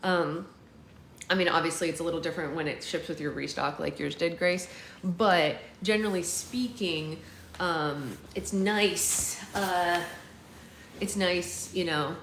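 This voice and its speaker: A woman's voice: lowish voice, unhurried, a bit bright. A woman hosting a book club livestream, chatting casually with viewers by name and using many fillers. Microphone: phone livestream. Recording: roomy with faint background noise.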